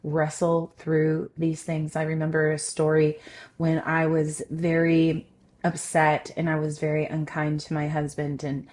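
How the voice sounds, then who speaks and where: A woman with a notably low-pitched voice speaks as a relationship coach and podcast host. She is loud and expressive, telling personal stories in a candid, conversational way. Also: a little slow.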